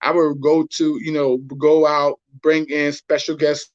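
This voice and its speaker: A man's voice: a little high, flat delivery, a little slow, no room sound, lo-fi sound. Chatty male guest on dry call audio. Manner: loose, conversational, lots of "you know". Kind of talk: casual video call interview. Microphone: video call.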